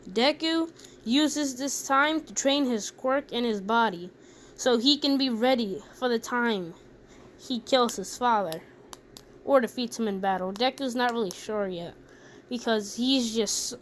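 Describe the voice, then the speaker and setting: A woman's voice: fairly high pitch, a little slow, slight background noise. Chatty woman telling a fan story. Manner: chatty, rambling asides. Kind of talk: casual fan-story narration.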